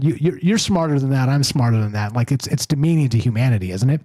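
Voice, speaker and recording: A man hosting a call-in show, talking in an animated, emphatic way about ideas. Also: mid-range voice, fast, hardly any pauses, dry recording. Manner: animated, emphatic, rising to exasperated. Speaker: show host. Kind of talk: casual call-in chat.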